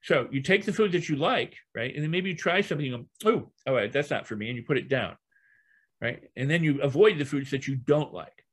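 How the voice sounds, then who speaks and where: Older man telling lively teaching stories. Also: on the high side, a little fast, husky. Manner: lively storyteller who repeats and builds phrases. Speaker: guest, hypnotist and trainer.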